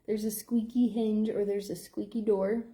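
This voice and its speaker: A warm, level-toned woman talks at normal speed; she is a middle-aged psychotherapist and behavior analyst. Her rambling stream-of-consciousness monologue leans on fillers and includes playful squeak sound effects.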